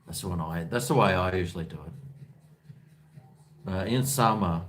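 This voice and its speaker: A man's voice: low voice, unhurried, a little hiss or hum. An Australian man hosting a live stream from home, chatting in a rambling way and reading viewer comments aloud. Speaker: livestream host. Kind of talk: casual live-stream chat.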